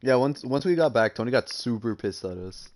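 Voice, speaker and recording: A man's voice: medium pitch, animated, a little fast, a little mellow. A young man casually telling a story on a podcast over an online call, often adding "right?" and acting out what people said. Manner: rambling, says "right?" often, acts out quotes. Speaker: podcast co-host. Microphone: online call mic that cuts out.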